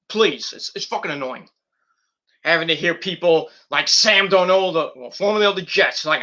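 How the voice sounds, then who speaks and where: A man's voice: fairly high pitch, normal speed, bright, forceful tone. A man hosting a podcast in a casual, rambling monologue, blunt and profane, full of fillers, talking from home at night. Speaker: podcast host.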